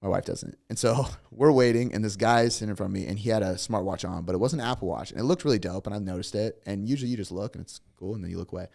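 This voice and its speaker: A man's voice: lowish voice, creaky. A man, a coach, talking casually and animatedly on a podcast, swearing freely as he tells stories. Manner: fast, swearing, animated storytelling. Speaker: fitness coach, guest.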